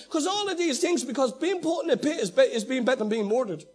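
A man, a pastor, preaching a sermon in an animated way, acting out quoted lines and swinging between loud and hushed delivery. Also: very high-pitched, fast, hardly any pauses, soft background music.

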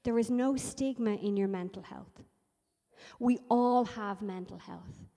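A woman's voice: medium pitch, unhurried, gravelly, dark tone, long reverb tail. A woman preaching a sermon in an emphatic, repetitive style that builds in intensity.

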